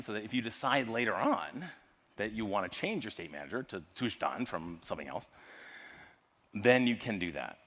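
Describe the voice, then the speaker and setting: An American man giving a lively, joking tech talk at a live conference and quizzing the audience. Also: fairly low pitch. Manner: lively, jokey, polls the audience. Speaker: conference speaker. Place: large conference hall. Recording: long hall reverb from a live stage.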